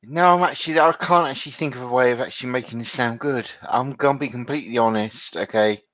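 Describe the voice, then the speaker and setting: A man chatting calmly, telling his co-host to take a breath. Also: mid-range voice, fast talker. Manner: calm, teasing, interjecting. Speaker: podcast co-host. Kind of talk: casual banter. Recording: dull lo-fi sound.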